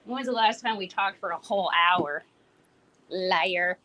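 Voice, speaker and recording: A woman co-hosting a casual live-stream panel, chatty and halting, with lots of fillers. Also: lowish voice, pushed and bright. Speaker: panel co-host.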